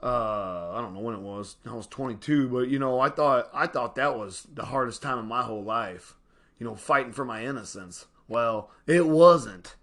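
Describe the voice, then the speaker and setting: A man's voice: medium pitch, normal speed. A man, casually rambling about his life and a self-help book, talking to viewers as y'all. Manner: rambling, animated, addresses viewers as y'all, frequent laughs. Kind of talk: casual personal storytelling and reflection.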